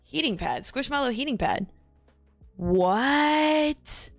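A woman's voice: medium pitch, normal speed, fairly bright tone, faint music behind. A woman livestreams from her home gaming setup, chatting loosely with friends between rounds. Her talk is playful and joking, with a light teasing edge. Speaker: streamer. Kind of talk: casual livestream chat while gaming.

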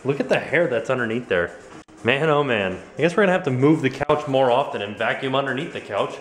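A man's voice: mid-range voice, expressive, fairly quick, fairly bright tone. A young American man vlogging at home in a goofy, rambling, jokey way. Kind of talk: casual vlog chat to camera. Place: home living room. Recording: echoey room.

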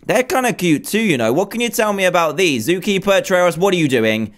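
A man voices his own let's play commentary, with a fairly high voice. His pitch swings widely as he gushes over everything he sees. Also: fairly quick. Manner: excitable, gushing exclamations. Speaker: gaming video host.

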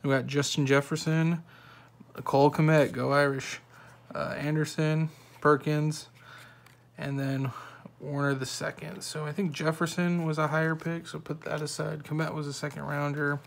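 Gravelly man murmuring through card pulls. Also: fairly high pitch, little pitch movement. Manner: rattles off player names one by one with quick asides. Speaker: card-opening channel host. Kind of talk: casual card-opening commentary. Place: home.

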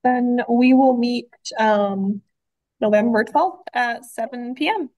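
A woman's voice: fairly high pitch, slow pace, dry recording, muffled recording. A woman, a library director, running a public board meeting in a chatty way with lots of fillers and restarts.

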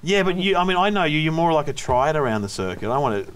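A man's voice: on the high side, sing-song, quick pace, clear, resonant tone. A middle-aged man, a guest comedian, bantering casually and often trailing off, in a TV studio.

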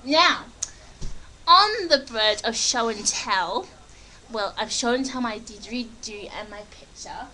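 A young woman from Australia rambles through a casual webcam vlog in a put-on American accent. Her voice is fairly high and bright, and she talks slowly, with giggles. It's recorded on a built-in webcam mic in her living room. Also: lively intonation, rough recording.

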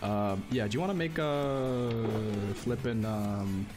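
A man's voice: lowish voice, slow, music in the background. A man streaming a game, chatting casually and teasing his co-player with jokey banter. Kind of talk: casual gaming stream chat.

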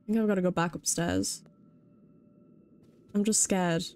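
A woman's voice: lowish voice, lively intonation, unhurried, darkish tone. Jumpy British woman streaming a game. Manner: jumpy, swears freely, talks to chat while playing. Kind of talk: live gameplay commentary.

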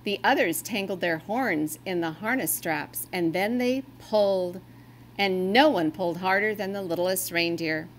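A woman reading a children's story aloud in a gentle, expressive storytelling way. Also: lowish voice, a little slow, a little hiss or hum.

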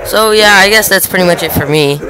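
A man's voice: high voice, a little fast, background noise. A young man hosting a gaming channel, talking through a gameplay clip in a rambling, hesitant way with lots of fillers. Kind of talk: casual gameplay commentary.

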